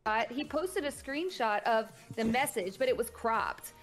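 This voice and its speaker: A woman's voice: on the high side, lively intonation, a little slow, faint music behind. A woman streamer casually retelling a dispute in a rambling way, full of fillers and quoted lines.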